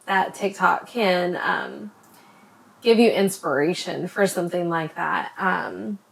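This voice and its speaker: A woman chatting to her camera as a vlogger, rambling with many ums and tripping over words when she talks fast. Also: fairly low pitch, gravelly. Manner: says she stutters when talking fast. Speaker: vlogger recommending creators. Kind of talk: casual chat to camera.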